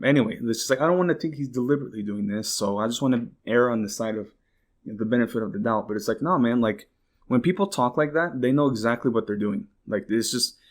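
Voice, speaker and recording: A man at a middle pitch, talking off the cuff as a podcast host. He rambles through his points, swears freely and strings them together with constant "like"s. He turns indignant and bursts out in exclaims. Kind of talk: casual political commentary.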